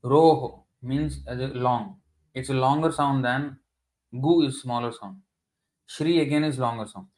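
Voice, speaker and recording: A middle-aged man leads a scripture class in a mid-range voice. He explains step by step, often pausing on ums and restarting his sentences. Now and then he slows into a drawn-out chant of the verses. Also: mid-range voice. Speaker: scripture teacher.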